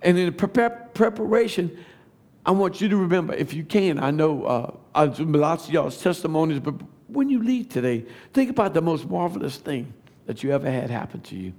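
A man, giving a testimony sermon that builds to fervent shouting. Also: a little high, animated, moderate pace. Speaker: preacher.

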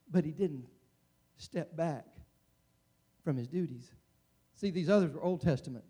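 High-voiced man preaching with fervor. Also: measured pace, long pauses, slightly rough. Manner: impassioned, swinging between loud and hushed. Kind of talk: sermon.

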